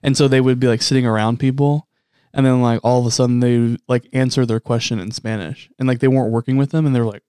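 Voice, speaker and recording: A man's voice: mid-range voice, fairly even intonation, quick pace, dark tone, clean tone, dry recording, studio quality. A man in casual podcast chat who laughs often and swears freely.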